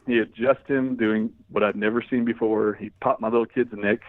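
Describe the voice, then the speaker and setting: A man's voice: fairly low pitch, brisk, no echo. A middle-aged man telling a personal story as an interview guest, acting out the lines of the people in it. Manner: animated storyteller, acts out quoted dialogue. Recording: dry, phone-like narrow sound.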